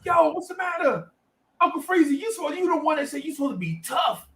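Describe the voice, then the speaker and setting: A man voicing a seven-year-old boy who shouts and teases a crying friend. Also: lively intonation, fairly quick, echoey room, distant mic, slight background noise. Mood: teasing. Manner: shouting, high and pushy.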